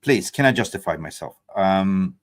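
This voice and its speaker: Excitable man hosting a football fan show. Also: low-pitched, moderate pace. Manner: excitable, jokey, pleading to finish his point. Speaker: fan channel host. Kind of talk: casual football chat.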